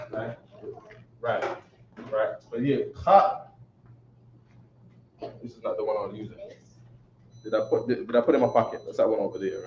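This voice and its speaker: A man's voice: medium pitch, slight background noise. A man with a New York accent teaching a classroom lecture, talking loosely and repeating himself, often checking with "right?". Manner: repetitive, conversational, checks with "right?". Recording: echoey room, dull lo-fi sound.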